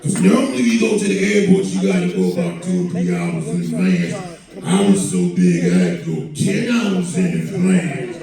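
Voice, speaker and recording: A comedian putting on a slow, drawling voice of a heavyset man, recorded in an echoey club from a distance. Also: sits low, huge pitch swings, music in the background, pitched below the performer's own voice, full character voice. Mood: boastful.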